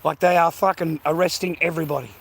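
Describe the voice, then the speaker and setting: A man's voice: fairly high pitch, fairly even intonation, quick pace, vocal fry, breathy edge. A man with an Australian accent, vlogging outdoors while walking, talking in a rambling, profane, slangy way and sounding slightly out of breath. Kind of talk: casual walking vlog rant. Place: outdoors on foot.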